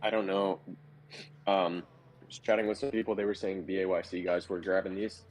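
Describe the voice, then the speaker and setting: A man co-hosts a podcast in a relaxed way. His voice is very deep, and he pauses with ums while he works through what he heard. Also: poor audio. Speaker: podcast co-host. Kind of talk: casual chat.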